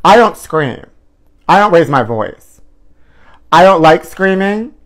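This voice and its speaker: A man's voice: fairly high pitch, sing-song, slow pace, a bit bright. A man hosting a live celebrity gossip stream. He talks in a campy, theatrical way, calls viewers honey and trashy, and swoops up into mock outrage.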